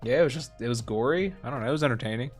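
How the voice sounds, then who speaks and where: A young man co-hosting a stream, telling rambling, animated stories in casual chat. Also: mid-range voice, very fast, faint music behind. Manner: animated storytelling, rambling with restarts. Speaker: streamer co-host.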